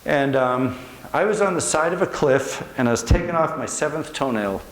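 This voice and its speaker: A man's voice: a little high, expressive, normal speed, slight background noise. A middle-aged American man giving a motivational speech to a room, telling stories earnestly with emphatic repetition. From United States. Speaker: motivational speaker. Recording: echoey room.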